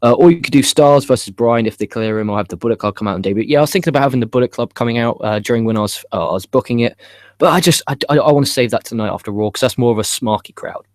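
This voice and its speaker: A man talks fast and unscripted, full of swearing and half-finished thoughts, in a dry, close-sounding room with a mid-range voice. He restarts sentences and keeps jumping to new ideas. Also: medium pitch, dry recording. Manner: swearing, rambling fast opinionated talk. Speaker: wrestling show host. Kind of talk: casual live-stream commentary.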